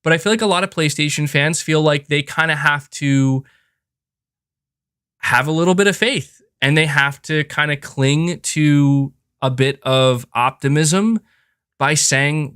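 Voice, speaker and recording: A man's voice: on the high side, a little slow, a bit bright, smooth, no room sound, clean studio sound. A man hosting a podcast, giving casual opinion commentary in an emphatic, passionate rant. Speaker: podcast host.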